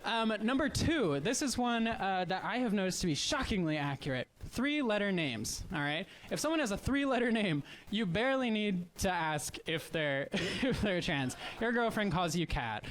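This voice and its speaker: A man with a Midwestern American accent doing a stand-up comedy set, telling stories in a chatty, wry way with quick asides. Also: high voice, very animated, fairly bright tone. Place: live comedy stage.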